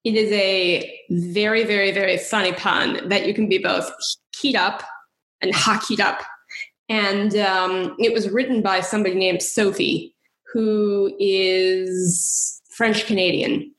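A woman co-hosts a podcast in loose, rambling chat, laughing often and swearing freely. She talks slowly and unhurriedly at a middle pitch. Her voice rings in a noticeably echoey room. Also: steady tone, a bit bright. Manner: rambling, giggly, swears casually. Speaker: podcast co-host.

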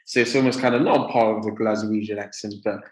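A British man from England, a guest producer, chatting casually with relaxed hedging and frequent laughs. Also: lowish voice, quick pace. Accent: British English. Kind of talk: casual interview chat. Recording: echoey room.

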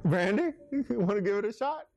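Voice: mid-range voice, expressive, a little fast, a little mellow. A Bible study leader teaching an interactive class, asking questions and making jokey asides.

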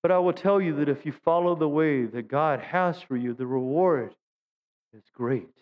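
A middle-aged man preaches to his congregation, mixing jokes and stories into the sermon. His voice sits on the higher side for a man. The sound is dull, with a long reverb trailing behind. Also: moderate pace. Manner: humorous storytelling, acts out quotes in high voices. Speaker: pastor. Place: church sanctuary.

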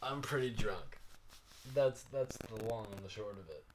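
A man's voice: on the low side, expressive, normal speed, noisy background. A drunk man with the hiccups, chatting in a playful, boisterous way. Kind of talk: casual chat.

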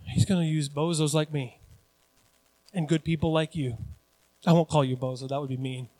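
A pastor in his forties preaching a sermon with animated, joking, self-deprecating asides. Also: a little high, normal speed, in a large hall.

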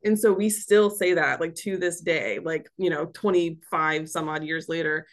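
A woman's voice: low voice, moderate pace. A woman guest telling a family story in a casual, chatty way with many fillers. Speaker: history center staff guest.

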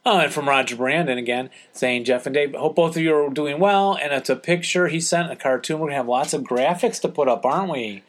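A man hosting a podcast from his family home, reading listener letters in a relaxed, joking chat. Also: a little high, a little fast, hardly any pauses. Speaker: podcast host.

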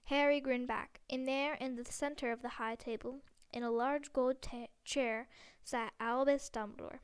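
A woman reads a storybook aloud in a steady, gentle way, now and then catching a small slip. Her voice is high and rings smooth and clear. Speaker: audiobook reader. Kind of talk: storybook narration.

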